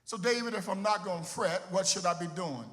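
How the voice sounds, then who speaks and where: A middle-aged pastor, preaching a sermon in a sing-song cadence that swells into shouts, repeating words for emphasis. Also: male voice, sits high, a little fast. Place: church sanctuary. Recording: long hall reverb with faint music.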